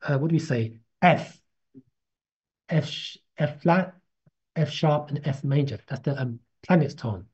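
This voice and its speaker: A man teaching a casual spoken lesson, slow and halting, repeating himself as he explains and chanting drawn-out syllables to show them. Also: a little high, a little mellow, slightly rough. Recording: dull lo-fi recording.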